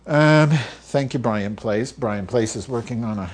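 A man's voice: mid-range voice, unhurried. A man in his fifties hosting a solo podcast while he cooks at home, rambling, swearing and getting sidetracked with muttered asides. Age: 50s. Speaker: podcast host. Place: home kitchen.

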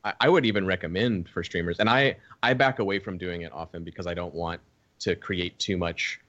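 A man's voice: low voice, a little fast, fairly bright tone, dry recording, lo-fi sound. A man running a tabletop game, chatting casually and encouragingly with his players after a stream. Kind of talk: casual post-game chat.

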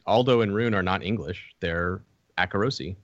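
A man's voice: sits low, moderate pace, dry recording, lo-fi sound. A man running a tabletop game, chatting casually and encouragingly with his players after a stream. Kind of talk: casual post-game chat.

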